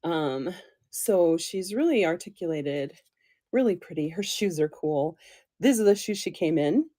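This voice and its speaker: A doll channel host with a fairly low, warm, expressive voice speaks a little slowly into a tablet propped on a stand. Sitting on a chair at home, she runs a casual live stream about dolls, giggly and chatty, rambling along with plenty of fillers.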